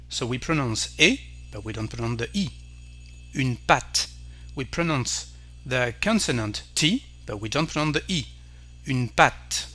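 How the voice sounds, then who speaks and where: A man with a French accent, a native French speaker, teaching pronunciation carefully and repeating each word slowly. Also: mid-range voice, pushed and bright. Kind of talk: slow pronunciation lesson.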